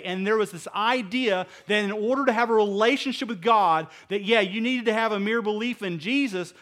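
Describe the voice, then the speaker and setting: A middle-aged male pastor preaching a sermon, emphatic, swinging between loud stresses and hushed asides and putting rhetorical questions to his listeners. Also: high voice. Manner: asks the audience rhetorical questions.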